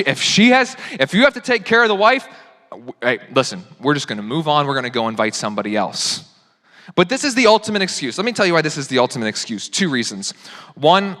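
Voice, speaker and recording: Animated young pastor in a reverberant hall. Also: male voice, fairly high pitch. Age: young adult. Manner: animated, self-mocking, acts out quoted excuses. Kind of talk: sermon. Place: church sanctuary.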